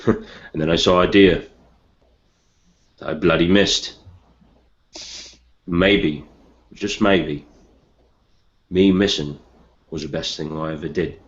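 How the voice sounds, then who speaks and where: A man playing a bitter, grieving young outcast hunter, delivering a blunt, sweary in-character monologue in a tabletop game. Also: fairly even intonation. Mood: wistful. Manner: brooding, blunt, sweary, low and slow. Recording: muffled lo-fi recording.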